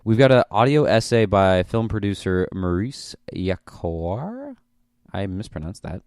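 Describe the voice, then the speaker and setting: A young man co-hosting a casual podcast chat, rambling and jokey with quick asides. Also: on the low side, very animated, darkish tone, smooth, no echo, clean studio sound. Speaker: podcast co-host.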